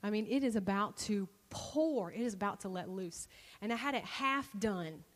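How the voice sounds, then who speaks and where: A woman preacher telling a personal story in a sermon, animated and expressive. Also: medium pitch, moderate pace, long reverb tail.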